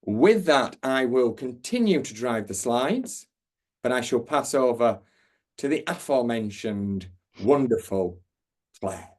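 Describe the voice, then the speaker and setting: A man's voice: mid-range voice, expressive, measured pace, darkish tone. A man hosting a product demo webinar over a video call, full of jokey, self-mocking asides. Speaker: webinar host, marketer.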